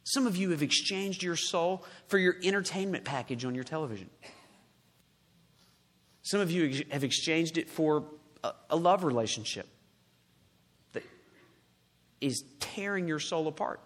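Husky preaching man in echoing hall. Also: on the high side, lively intonation, normal speed, pauses often. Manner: preaching with dramatic swells and hushed drops. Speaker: pastor. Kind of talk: sermon. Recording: long reverb in a large hall.

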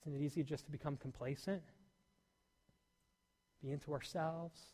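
A male pastor preaching a sermon in a church, swinging between loud emphatic peaks and soft near-whispers. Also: on the high side, steady tone, normal speed, long pauses, breathy edge. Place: church hall. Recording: long hall reverb.

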